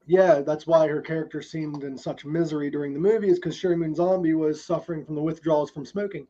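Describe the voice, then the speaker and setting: A man's voice: fairly high pitch, fairly even intonation, fast, warm tone, lo-fi sound. A man hosting a casual podcast, reading film trivia with many ums. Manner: reads trivia with frequent ums. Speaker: podcast host.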